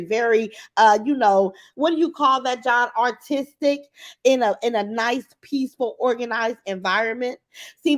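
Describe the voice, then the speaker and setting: A middle-aged woman livestreaming, talking in a blunt, profane, mocking way with emphatic repetition. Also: on the high side. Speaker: live streamer. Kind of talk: unscripted livestream rant.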